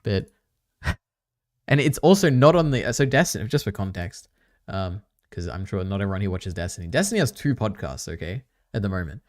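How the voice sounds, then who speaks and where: Rambling low-voiced man streaming. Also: very animated, a little fast, dry recording, studio quality. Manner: rambling, many fillers, chatty asides to chat. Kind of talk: casual live-stream chat and reaction.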